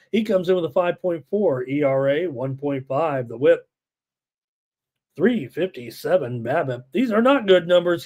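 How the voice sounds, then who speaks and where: A man's voice: a little high, mellow. A man hosting a live sports betting show, reading statistics, viewer chat and lineups with many filler words. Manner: rattles off numbers and lineups, many filler uhs.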